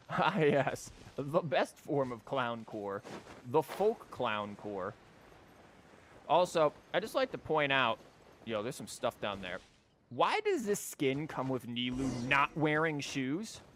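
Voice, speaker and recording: A man's voice: mid-range voice, very animated, takes it slowly, a bit bright, a little hiss or hum. A young man streaming a game, rambling and joking with frequent stammers. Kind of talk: casual gameplay commentary.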